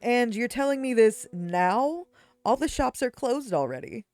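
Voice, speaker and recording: A woman's voice: a little high, lively intonation, a little slow, darkish tone, no echo, faint music behind, voice pushed up. A woman voicing a stern, cold middle-aged aunt who speaks in cutting words.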